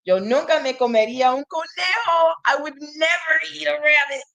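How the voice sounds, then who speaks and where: A woman's voice: on the high side, animated, normal speed, natural voice. A woman voicing a grumpy male bear from a picture book, reading each line in Spanish and then translating it. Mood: defensive. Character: grumpy male bear searching for his hat.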